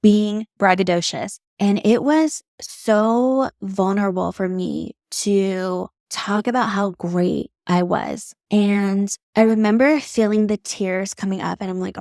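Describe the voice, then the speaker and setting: A woman's voice: medium pitch, steady tone, unhurried, vocal fry, few pauses, darkish tone, no room sound, studio quality. A young adult woman hosting her own podcast, telling personal stories in a candid, heartfelt way with casual swearing. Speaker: podcast host, beauty artist. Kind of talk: solo podcast monologue.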